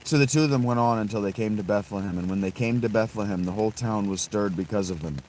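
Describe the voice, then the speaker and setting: A man's voice: on the low side, quick pace, darkish tone, a little hiss or hum, low-quality recording. A man storyteller casually retelling a scripture passage with emphasis and rhetorical questions.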